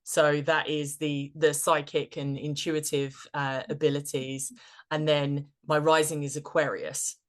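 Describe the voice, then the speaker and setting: Low-voiced chatty woman guest. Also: level tone, measured pace. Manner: chatty and enthusiastic, laughs easily. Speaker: guest, business coach. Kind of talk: casual podcast interview.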